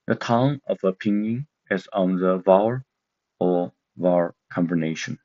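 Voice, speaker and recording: A man's voice: deep voice, measured pace, warm tone. A man teaching an online language lesson, speaking with many hesitant filler sounds. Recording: dull lo-fi sound.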